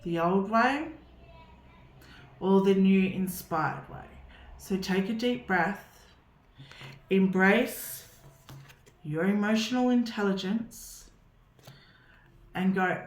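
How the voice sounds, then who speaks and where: Reassuring woman tarot reader, mid-pitched voice, echoey room. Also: slow, pauses often. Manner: reassuring, repeats "okay?". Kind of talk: encouraging tarot reading to viewers.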